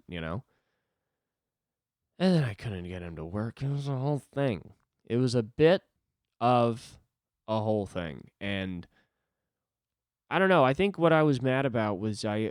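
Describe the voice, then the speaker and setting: A man's voice: on the low side, smooth, no room sound, clean studio sound. A young man hosting a solo podcast, rambling casually with lots of swearing and self-deprecating asides.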